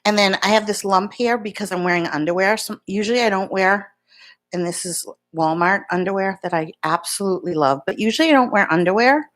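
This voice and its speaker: A beauty vlogger in her fifties chats casually and rambles at home in Florida, addressing her viewers by name. She speaks briskly in a mid-range, slightly bright voice.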